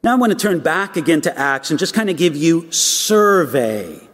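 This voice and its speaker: A man's voice: fairly high pitch, very animated, normal speed, fairly bright tone, in a large hall. A man preaching a sermon, emphatic, asking rhetorical questions and repeating words as he builds his points.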